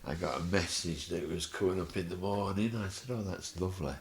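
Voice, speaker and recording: A man's voice: sits low, fairly quick, gravelly, background noise. A male guest on a podcast who tells funny stories, chuckling often as he talks. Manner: chuckling, animated storyteller. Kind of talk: anecdotal storytelling in a podcast interview.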